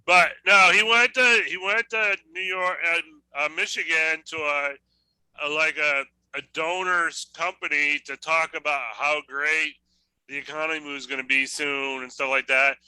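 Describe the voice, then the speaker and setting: A man's voice: a little high, steady tone, unhurried, bright, forceful tone, clear, resonant tone, no room sound, low-quality recording. A man co-hosting a casual podcast, agreeing readily and relating news stories. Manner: agreeable, brief replies, tells news stories. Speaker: podcast co-host. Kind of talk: casual banter.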